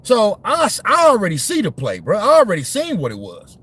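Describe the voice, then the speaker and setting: A man's voice: high voice, huge pitch swings, brisk, a bit bright, slightly rough. Fired-up man ranting about basketball. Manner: heated, profane, repetitive and slangy with many restarts. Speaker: sports commentary vlogger. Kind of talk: profane rant on basketball.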